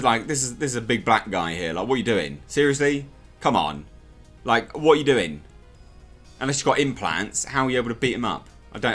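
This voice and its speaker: A man's voice: mid-range voice, sharp tone. A man reviewing a TV episode in a casual, sarcastic and exasperated rant.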